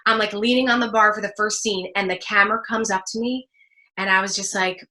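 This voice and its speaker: A woman from New Jersey, an actress and speaker, telling a story with lively energy in an interview. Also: medium pitch, a little fast. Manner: lively, acts out quoted voices. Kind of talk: animated storytelling in conversation.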